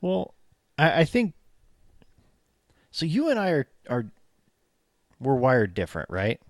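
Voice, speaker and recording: Lively-voiced man in casual podcast banter. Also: medium pitch, slow, no echo, studio quality. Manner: chatty, reflective banter with laughs. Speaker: podcast co-host. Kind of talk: casual chat.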